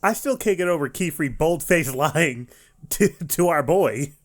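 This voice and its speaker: A man streaming an anime reaction, talking casually and rambling with frequent restarts and animated outbursts. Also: on the high side, measured pace.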